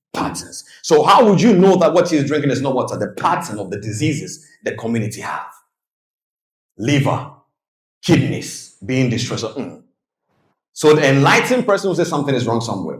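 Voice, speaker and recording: A man giving a live seminar talk on the psychology of trading, telling stories and putting questions to the audience. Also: on the high side. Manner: storytelling, engages audience with questions. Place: hall before a live audience. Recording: roomy echo.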